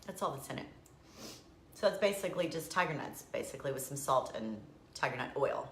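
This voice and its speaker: A woman chatting casually to viewers on a live video, emotional and quick to laugh. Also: sits low, lively intonation, fairly bright tone, slight background noise. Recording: echoey room.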